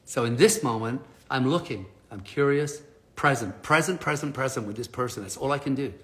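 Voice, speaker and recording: Bright, animated male motivational speaker. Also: mid-range voice, fairly quick. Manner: animated, laughing, swears casually. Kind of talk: live-stream storytelling.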